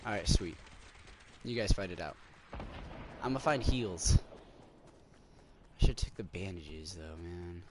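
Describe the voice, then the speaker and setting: A man's voice: low voice, animated, slow, pauses often, noisy background. A young man commenting casually on his own gameplay, often swearing and exclaiming in frustration. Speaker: gamer streaming gameplay. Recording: game music loud behind voice.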